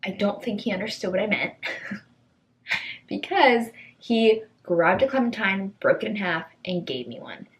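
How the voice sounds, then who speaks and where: A young woman vlogging, telling funny stories in a chatty, animated way and acting out the people in them. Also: medium pitch, a little slow. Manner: chatty, animated, acts out voices in quotes. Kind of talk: casual storytelling.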